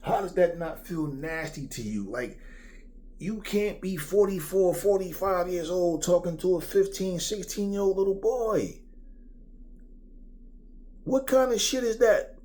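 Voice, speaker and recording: A middle-aged man hosting his own vlog, ranting profanely and rambling with animated asides. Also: high voice, measured pace. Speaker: vlog host. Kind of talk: opinionated rant.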